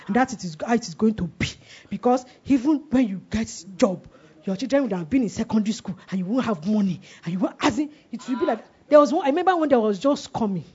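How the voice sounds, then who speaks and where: Woman preacher, forties, emphatic call-and-response, husky voice, muffled lo-fi sound. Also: fairly high pitch, lively intonation, fast, warm tone. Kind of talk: sermon. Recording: dull lo-fi recording.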